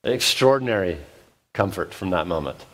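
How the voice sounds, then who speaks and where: A man's voice: low voice, expressive, normal speed, fairly bright tone. A man preaching an expository sermon at his church, conversational and self-deprecating, with frequent restarts. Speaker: pastor.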